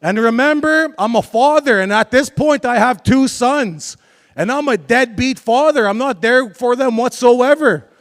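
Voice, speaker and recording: Speaking unhurriedly to a room of listeners, a young adult man with a very high, slightly bright voice gives a live talk. He opens up frankly about his past and banters with the audience as a storyteller.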